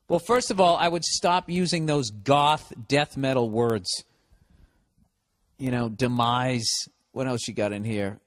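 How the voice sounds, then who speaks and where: A man's voice: medium pitch, expressive, moderate pace, no room sound, studio quality. A man with a Boston accent hosting a comedy podcast, reading a listener's letter aloud and mocking it in a sarcastic, profane rant. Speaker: podcast host.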